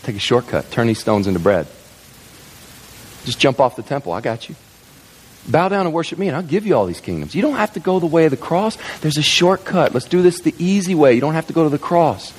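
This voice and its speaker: A man voicing a sly male tempter spirit who persuades in a smooth, low, whispery way. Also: very animated, a little fast, long reverb tail. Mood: tempting.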